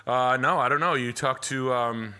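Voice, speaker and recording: A man's voice: mid-range voice, normal speed, pushed and bright, clear, resonant tone. A young man hosting a casual livestream, rambling and self-deprecating with crude jokes. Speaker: realtor and livestream host.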